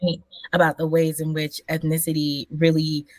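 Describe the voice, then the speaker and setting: A woman hosting a podcast, speaking in a thoughtful, measured way with plenty of fillers. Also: sits low, completely flat delivery, a little mellow, dry recording. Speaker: podcast host. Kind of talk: casual podcast chat.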